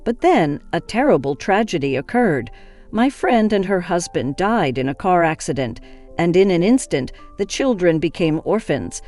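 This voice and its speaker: A woman reading a scripted, emotional story in a steady, earnest way. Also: lowish voice, moderate pace. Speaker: narrator. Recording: faint music behind.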